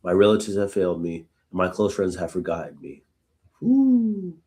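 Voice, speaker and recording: A man's voice: low-pitched, huge pitch swings, moderate pace, dark tone. A man hosting a live Bible study, reading verses aloud and then reflecting on them in a casual, conversational way. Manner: uses casual "y'all" asides. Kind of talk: live scripture reading with commentary.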